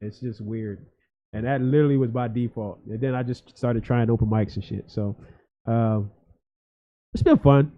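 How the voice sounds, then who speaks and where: A man's voice: medium pitch, fairly even intonation, moderate pace. A man from Philadelphia, a guest comedian, telling stories in a loose, profane, rambling way full of fillers. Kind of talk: casual storytelling chat. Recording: dull lo-fi podcast audio.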